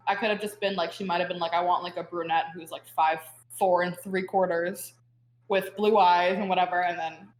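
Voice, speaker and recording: A woman's voice: fairly low pitch, fairly even intonation, fairly quick, slight background noise. A young adult woman, a podcast guest, telling stories in a chatty, casual way, full of filler words. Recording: roomy echo.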